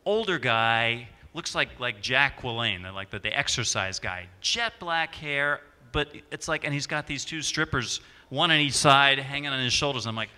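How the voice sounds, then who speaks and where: A man's voice: mid-range voice, lively intonation, normal speed, few pauses, bright, forceful tone, clear, resonant tone. A man moderating a conference panel, telling a chatty anecdote and acting out the voices in it. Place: conference stage. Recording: stage panel in a large hall.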